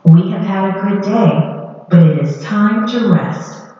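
A woman voicing a calm, gentle grown man who teaches, speaking softly in a storybook reading. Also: medium pitch, slow. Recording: echoey hall, dull lo-fi.

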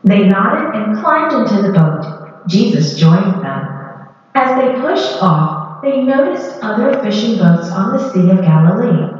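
A woman narrating a children's Bible story in a gentle, expressive read-aloud way. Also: medium pitch, measured pace. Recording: echoey hall, dull lo-fi.

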